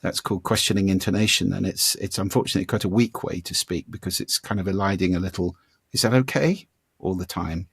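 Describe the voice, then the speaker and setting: An older man as an interview guest, explaining ideas in a demonstrative way and playing with his pitch and volume to show his points. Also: flat delivery, fast talker, vocal fry, few pauses, a bit bright, husky, dry recording, studio quality. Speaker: guest, speaking coach. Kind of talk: conversational interview.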